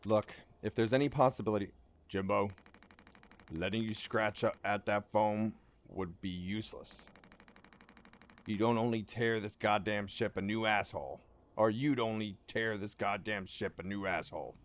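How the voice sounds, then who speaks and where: A man putting on a gruff stubborn old ship captain. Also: moderate pace, a little hiss or hum, natural voice. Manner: low drawling delivery with folksy slang.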